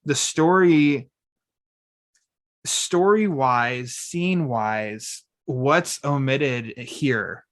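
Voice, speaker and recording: Male podcast host, casual and rambling, speaking at a middling pitch. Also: drawn-out words. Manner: rambling, quotes lines playfully. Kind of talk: casual chat. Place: home.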